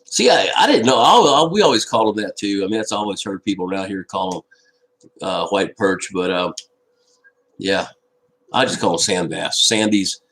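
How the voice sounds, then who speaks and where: A man's voice: low voice, steady tone, normal speed, long pauses, a bit bright, rough recording. A man hosting a casual fishing live stream from home, rambling and answering viewer comments aloud into a laptop microphone. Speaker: fishing channel host. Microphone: laptop built-in microphone.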